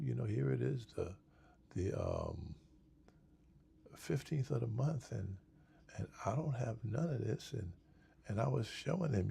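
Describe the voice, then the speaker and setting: A man in casual talk as pastor and co-host, emphatic, slowing down and stressing scripture. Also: medium pitch, animated, creaky, slightly rough. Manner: emphatic, slows and gets louder on scripture. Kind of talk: preaching in casual chat.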